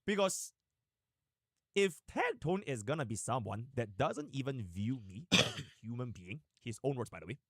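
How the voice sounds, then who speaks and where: A male live streamer rambles animatedly to his audience in casual chat, his pitch swinging widely from line to line as he breaks into sudden fast bursts. His voice is husky, and the sound is dry and close with no room sound.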